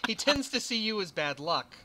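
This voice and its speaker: Man, game master, casual narration, bright tone, hesitant fillers. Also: high-pitched, very animated, normal speed, a little hiss or hum.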